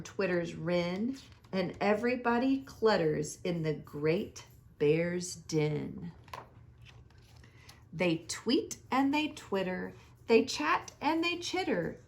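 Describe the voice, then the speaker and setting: Woman reading a kids' book aloud, very slow, lively pitch, sing-song. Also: vocal fry. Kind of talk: children's picture book read-aloud.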